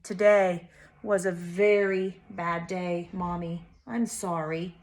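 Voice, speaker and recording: Woman doing a whiny, yelling little girl. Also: high voice, takes it slowly, pitched above the performer's own voice, exaggerated voice. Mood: sorry. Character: cranky defiant little girl having a bad day.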